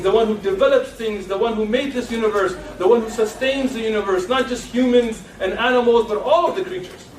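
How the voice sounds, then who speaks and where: A man giving a lecture to an audience in a lecture room, asking rhetorical questions and teasing his listeners. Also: sits high. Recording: echoey room from far off.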